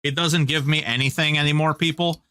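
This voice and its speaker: Guy putting on a mopey whiny dog voice, begging for treats, bright and dry. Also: fairly high pitch, fairly even intonation, fairly quick, clean tone, no echo. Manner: whiny, complaining.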